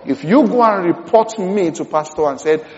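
A man with a fairly high voice gives an animated sermon at a moderate pace, repeating key lines and dropping from loud bursts to near hushes. It echoes through a reverberant church hall and sounds dull and muffled, with slight background noise.

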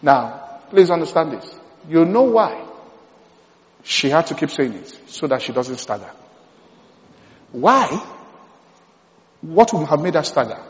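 A man preaches with emphasis, repeating his key lines and dropping from loud bursts to near hushes. His voice sits fairly high for a man. It rings through a reverberant church hall, captured with a dull, muffled quality. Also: very animated, unhurried, long pauses. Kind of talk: sermon.

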